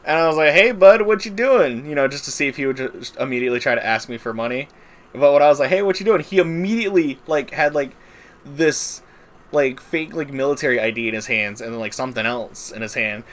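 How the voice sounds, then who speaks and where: A man streaming a game tells a long, rambling story in a casual way, talking fast in a mid-range, fairly bright voice. His telling is packed with filler words and swearing.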